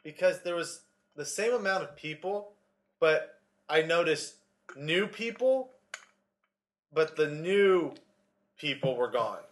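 Male podcast co-host, dry and sarcastic, slightly higher voice. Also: animated, takes it slowly, pauses often. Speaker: podcast co-host, personal trainer. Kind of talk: casual chat.

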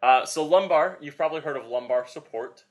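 A man's voice: on the high side, brisk. A young man co-hosting a fitness podcast in casual chat, rambling with lots of fillers as he explains. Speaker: podcast co-host, personal trainer.

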